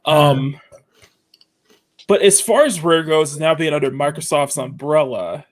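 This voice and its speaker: Man, a bit high-pitched, casual co-host who reads news aloud and trips over his words. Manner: reads articles aloud, halting with restarts. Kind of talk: casual chat on a live stream. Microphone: remote call mic.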